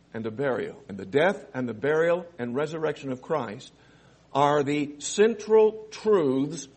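A man preaching a sermon, reading scripture and explaining it, with loud emphatic stresses and quieter asides. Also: on the high side, husky. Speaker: pastor.

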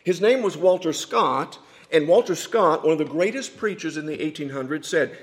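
A man preaching a sermon, telling a story with dramatic swings from hushed asides to loud emphatic points. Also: a little high, animated, moderate pace.

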